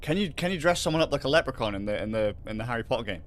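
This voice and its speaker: Man, casual livestream chatter, swears a lot, swooping animated pitch. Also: very fast. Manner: rambling, swearing, laughing often. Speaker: livestream host.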